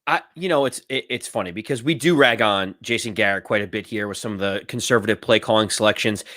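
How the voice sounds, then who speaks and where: A man's voice: fairly low pitch, fast, sharp tone, no echo, studio quality. A man co-hosting a sports podcast in casual chat, telling a story step by step and acting out quotes. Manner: explanatory storytelling, acts out quotes. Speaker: podcast co-host.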